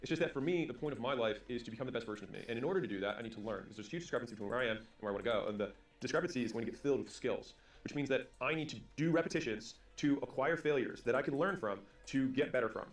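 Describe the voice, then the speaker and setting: A man in his thirties giving a motivational storytelling talk, acting out quick bits of dialogue. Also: medium pitch, recorded from a distance. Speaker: business and sales speaker. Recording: roomy sound from away from the mic.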